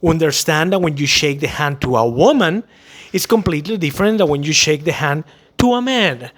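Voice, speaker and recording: A man's voice: on the high side, fairly quick. A man talking casually and emphatically to camera about customer service, acting out little scenes as he goes. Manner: animated, acts out quotes, emphatic. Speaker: vlogger giving sales advice. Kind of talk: casual advice monologue.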